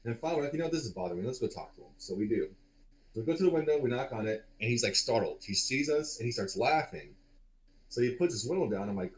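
A man's voice: medium pitch, lively intonation, quick pace, low-quality recording. A man in his forties telling a long story on a podcast in a loose, rambling way, with lots of fillers and swearing. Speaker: podcast co-host. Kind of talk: casual storytelling.

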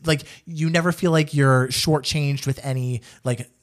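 A young man co-hosting a casual podcast, gushing enthusiastically with lots of fillers. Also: on the high side. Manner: gushing, rapid and animated, many fillers. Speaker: podcast co-host. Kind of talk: casual chat.

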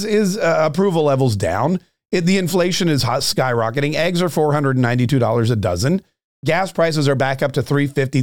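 A man's voice: a little high, dry recording. Ranting man, dry close mic. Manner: animated, sarcastic, ranting with mock voices. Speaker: podcast host. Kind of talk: political commentary monologue.

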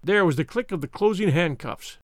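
A man reading a story aloud in a measured storytelling manner. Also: high voice, animated, no echo, studio quality. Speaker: narrator. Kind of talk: scripted story narration.

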